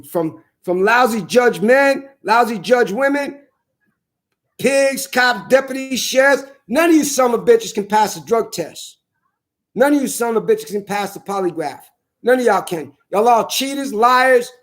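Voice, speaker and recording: A man in a furious, profane rant, repeating himself and shouting at times. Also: high-pitched. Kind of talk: angry profane rant to camera.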